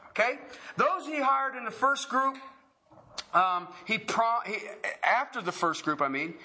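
A middle-aged man preaching a sermon. He is animated, asks a stream of rhetorical questions and jokes with the congregation. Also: very high-pitched.

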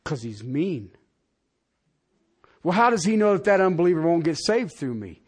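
A man preaching a sermon, asking the congregation direct questions and swinging from loud emphatic lines to quiet ones. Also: a little high, sing-song, normal speed, breathy edge. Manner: talks straight to the congregation with rhetorical questions. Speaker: pastor.

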